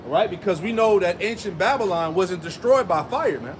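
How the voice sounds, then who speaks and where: A man's voice: high voice, lively intonation, a little fast, few pauses, slight background noise. A man preaching a street sermon, reading scripture and adding emphatic asides with rhetorical "right?" and "man.".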